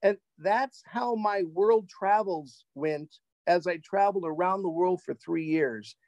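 A man recounts a travel adventure as an interview guest, animated and repeating words in his excitement. His voice sits a little high and is gravelly with fry. It sounds dry and close, with no room echo. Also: measured pace, muffled recording. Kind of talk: casual storytelling.

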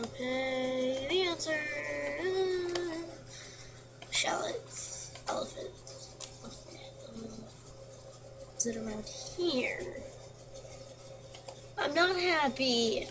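A woman's voice: on the high side, steady tone, slow pace, pauses often. A woman playing a quiz game on her computer, reading the questions and answers aloud and mumbling to herself. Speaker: gameplay commentator. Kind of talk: casual gameplay commentary. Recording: noisy home recording.

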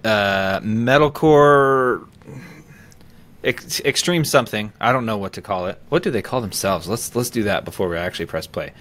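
A man co-hosting a casual podcast, talking in a relaxed, rambling way. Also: lowish voice. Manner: relaxed, rambling, reads out loud haltingly. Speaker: podcast co-host. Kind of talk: casual chat.

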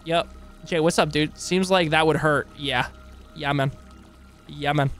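A male streamer giving excitable, profane live commentary while playing a game and thanking new followers. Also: a little high, a little slow, faint music behind.

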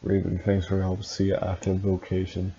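A man's voice: deep voice, brisk, lo-fi sound, slight background noise. A man reading a story aloud for laughs, breaking in with dry, sarcastic asides. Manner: deadpan, dryly mocking. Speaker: reader and commentator.

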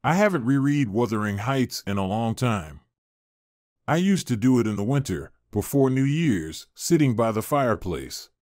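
A man voicing a gentle, sly, bedridden older mother in a storybook reading. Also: medium pitch, sing-song, normal speed, dry recording, clean studio sound, natural voice. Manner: soft, hopeful.

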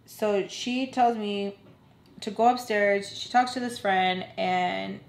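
A woman vlogger telling a personal storytime in a casual, animated way, acting out both sides of old arguments and saying "y'all" to her viewers. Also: medium pitch, slow pace. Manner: animated retelling, trades quoted lines, says "y'all". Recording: roomy echo.

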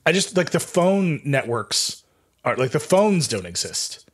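A man hosts a podcast in casual chat. He is quick and jokey and fills his talk with "like." His pitch moves around a great deal, so he sounds animated. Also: breathy edge. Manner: quick, jokey, filler-heavy. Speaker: podcast host.

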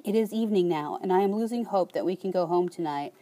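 Woman calmly reading an audiobook, warm mellow voice. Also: fairly low pitch, fast talker. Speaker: audiobook narrator. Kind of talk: scripted audiobook narration.

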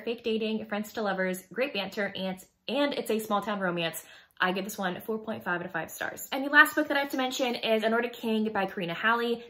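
A woman's voice: mid-range voice, a bit bright. A woman, chatting casually as a book reviewer, giggly and full of "like" fillers. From Texas. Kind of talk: casual chat.

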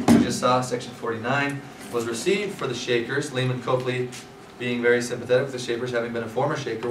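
A man teaching a scripture class, telling the history in a conversational way with many fillers. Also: mid-range voice. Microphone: far from speaker. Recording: roomy, distant, noisy room.

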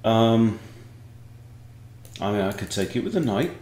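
A man's voice: lowish voice, expressive, unhurried, a little mellow. A man teaching chess in a casual online lesson, rambling and joking with digressions. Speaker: chess coach. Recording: echoey room.

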